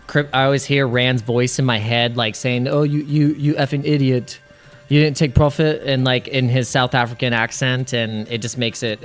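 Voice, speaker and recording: A man's voice: mid-range voice, fairly bright tone, clear, resonant tone. A man hosting a casual crypto livestream, rambling, restarting his sentences and laughing at his own jokes.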